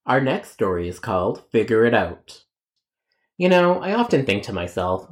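A man's voice: mid-range voice, expressive, moderate pace. A young man narrating comic storytime tales from his call center job in a sarcastic, exasperated way with crude jokes. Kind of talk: comedic animated storytime narration.

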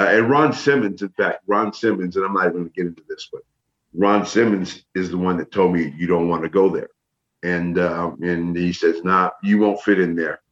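A middle-aged man from the northern United States telling animated stories as an interview guest, acting out what others said. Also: sits low, reverberant. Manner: animated storyteller, acts out quotes. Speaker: interview guest, former wrestler. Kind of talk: casual storytelling. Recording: dull lo-fi sound.

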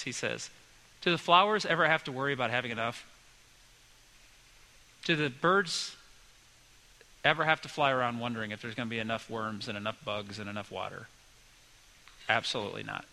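Casting note: man in his 40s, pastor, sermon with everyday anecdotes, very bright tone, acts out the voices he quotes. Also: mid-range voice, fairly quick, vocal fry, long pauses, poor audio. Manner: conversational storytelling with lively quoted voices.

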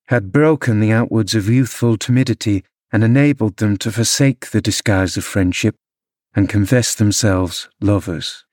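A man narrating a classic novel as an audiobook, measured storytelling delivery. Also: lowish voice, a little mellow, no room sound, studio quality. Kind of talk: scripted narration.

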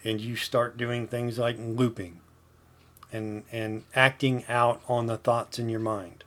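A man delivers a podcast sermon in an earnest, emphatic voice of middle pitch. He repeats key phrases and checks in with his listeners as he teaches. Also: flat delivery, takes it slowly, a bit bright. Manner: earnest, repetitive, emphatic preaching with rhetorical "Okay?". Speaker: podcast host, Christian teacher. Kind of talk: preaching podcast talk.

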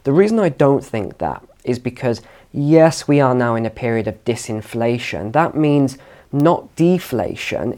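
A man's voice: medium pitch, warm tone. A man hosting a finance channel, speaking straight to camera in a confident, emphatic way about economic numbers. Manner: confident, emphatic, lectures on numbers over emotion. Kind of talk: direct-to-camera commentary. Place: home studio.

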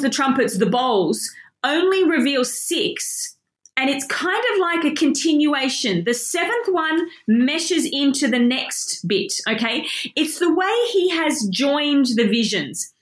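A woman giving an energetic Bible lesson, reading scripture aloud and commenting emphatically. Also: high voice, a little slow. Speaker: Bible teacher. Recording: echoey room.

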